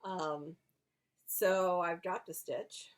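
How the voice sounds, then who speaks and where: A woman's voice: lowish voice, steady tone, very slow. A woman co-hosting a knitting podcast, chatting casually and explaining her projects step by step. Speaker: podcast co-host.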